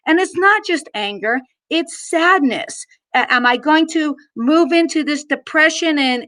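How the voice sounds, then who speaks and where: High-voiced woman leading a mindfulness lesson. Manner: gentle, instructive, guiding listeners through gestures and breaths. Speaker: mindfulness teacher. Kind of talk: guided mindfulness lesson for children.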